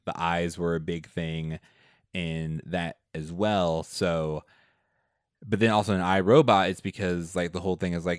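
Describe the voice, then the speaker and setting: Really deep voiced guy, slow easy movie talk, dry mic. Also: clean tone, no echo. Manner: relaxed, thinking aloud with fillers. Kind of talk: casual film discussion.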